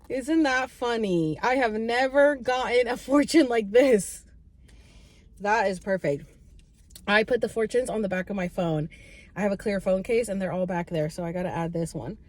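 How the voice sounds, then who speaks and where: A woman chatting to the camera in a casual vlog from a parked car, bubbly and chatty, acting out what others said in a high voice. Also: moderate pace, no echo. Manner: chatty and bubbly, retells with excited high quotes. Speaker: vlogger. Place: parked car on a road trip.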